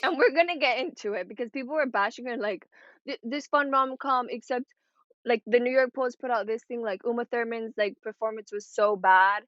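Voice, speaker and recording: A woman co-hosts a podcast in casual chat, her voice a little high, fairly bright and a little fast. She rambles, swears and laughs often, and the recording sounds dry and dull, lo-fi with no echo.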